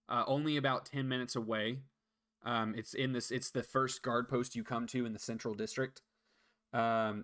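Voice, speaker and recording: A man narrating a tabletop game as game master, halting and filling with ums. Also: medium pitch, fairly bright tone. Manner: halting, many fillers.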